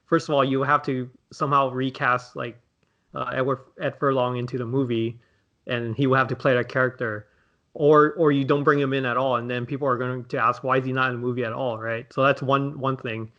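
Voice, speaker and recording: A man's voice: mid-range voice, flat delivery, moderate pace, a bit bright, highs cut off. A man co-hosting a podcast, chatting casually about movies and laying out his points step by step. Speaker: podcast co-host.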